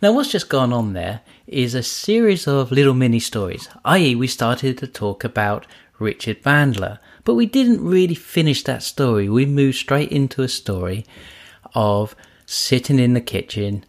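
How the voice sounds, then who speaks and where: A man teaching through stories as a trainer, relaxed and speaking straight to the listener. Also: medium pitch. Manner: relaxed storyteller, addresses the listener. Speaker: trainer, podcast host. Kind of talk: storytelling lesson.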